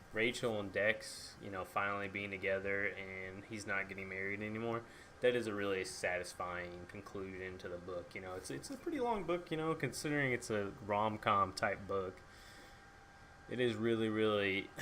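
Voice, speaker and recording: This young man has a lowish, sharp-toned voice with a faint hiss or hum. He chats casually about a book and its film adaptation, swearing freely and acting out characters' lines in quick asides.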